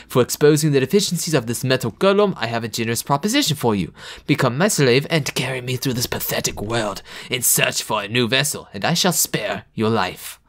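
A man's voice: mid-range voice, expressive, a little fast, fairly bright tone, slight background noise. A man voicing a scheming, pompous evil amulet deity from a game, reading its lines with a slightly Jamaican-sounding lilt. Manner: pompous, menacing. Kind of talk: reading game dialogue aloud.

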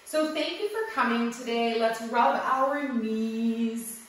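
A woman yoga teacher guiding a breathing class with gentle, affectionate cues, recorded in an echoey room from a distance. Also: on the high side, takes it slowly, a little hiss or hum.

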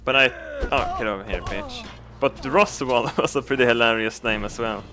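A man giving crude, comedic game commentary, laughing and breaking into excited outbursts. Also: medium pitch, normal speed, over music. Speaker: gaming commentator.

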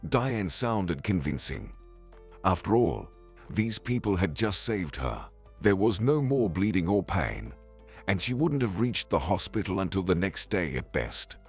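A man narrating a scripted story in an even, measured way. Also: sits low, husky.

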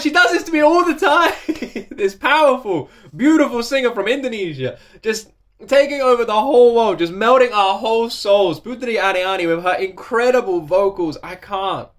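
British male reaction host, effusive, gushing, quick to laugh. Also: extremely high pitch. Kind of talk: reaction commentary. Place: seated indoors in his recording chair.

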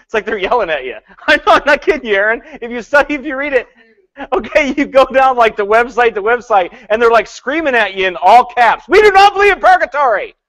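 A man preaching a sermon in an animated way, swinging between loud and hushed, laughing often and mocking with put-on quotes. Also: extremely high pitch, fairly quick.

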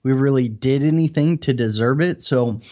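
Male host, mid voice, relaxed and reassuring, recorded on a dull, lo-fi line. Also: medium pitch, moderate pace. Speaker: interviewer, show host. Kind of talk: casual interview. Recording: slightly dull, lo-fi sound.

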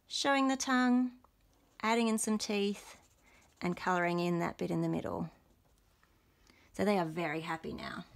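A young adult woman illustrator, gently and encouragingly talking through a drawing lesson for teachers as she sketches. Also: mid-range voice, creaky. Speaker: illustrator leading a workshop.

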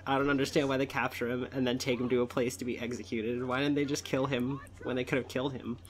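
A man's voice: medium pitch, little pitch movement, fast talker. Man, twenties, let's play host, casual commentary, rambling, swears a lot. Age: 20s. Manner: rambling, profane, self-correcting.

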